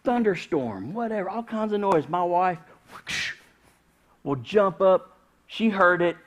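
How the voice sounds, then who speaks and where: A man, preaching a sermon in a conversational, humorous storytelling way with sudden loud bursts. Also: sits high, animated, measured pace. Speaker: pastor.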